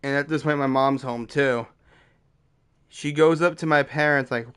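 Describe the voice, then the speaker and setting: A young man recounts a teenage mishap in an unpolished, conversational storytime. His voice is smooth and resonant, sitting at an ordinary pitch. He leans on fillers and swears freely as he goes. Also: steady tone, unhurried, fairly bright tone. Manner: loose and profane, heavy "like" fillers. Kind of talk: casual storytime.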